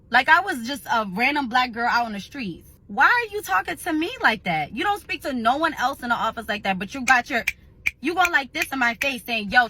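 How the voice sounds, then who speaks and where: A young woman telling a personal story in a casual, animated and indignant way, acting out what others said. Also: mid-range voice. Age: young adult. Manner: animated, indignant, acts out quoted lines. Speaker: storyteller recounting a work experience.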